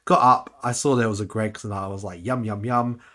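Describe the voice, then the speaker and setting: A young man tells a rambling story straight to camera. His voice sits a little low, and the talk is loose and animated, full of asides and quoted voices. It sounds like a casual vlog monologue. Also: brisk. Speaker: anime convention reviewer.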